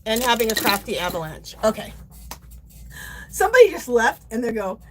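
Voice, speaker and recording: Chatty woman livestream host, playful, reads comments aloud, fairly high voice, faint room ambience. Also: very animated, moderate pace, long pauses, slight background noise. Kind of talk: casual livestream chat.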